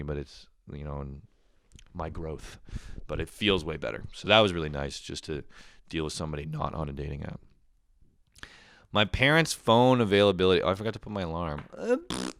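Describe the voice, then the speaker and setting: A man's voice: sits low, fairly bright tone, no echo, clean studio sound. A young man ranting casually and sarcastically as a comedy host, rambling and swearing often.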